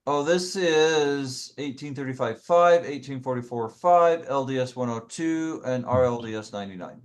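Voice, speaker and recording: A man leading a casual scripture study discussion, explaining in a halting, self-correcting way. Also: mid-range voice.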